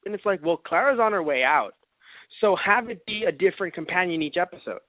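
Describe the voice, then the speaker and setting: A man co-hosting a casual podcast, talking in an animated way and acting out mock quotes. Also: high-pitched, a little fast, no echo. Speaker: podcast co-host. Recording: dry, phone-like narrow sound.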